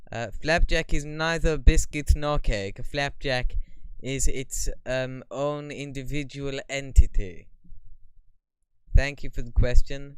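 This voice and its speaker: A man chatting on a live stream, reading viewer questions aloud and answering them in a rambling, wry, deadpan way. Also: medium pitch, takes it slowly, clean tone, dry recording. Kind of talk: casual live stream chat.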